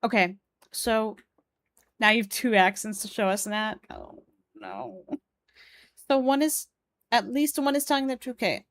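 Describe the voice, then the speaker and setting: A woman's voice: a little high, moderate pace, dry recording. A young woman with a Polish accent, streaming a puzzle game and chatting as she plays, reading the game's text and viewers' messages aloud. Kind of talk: live game stream commentary.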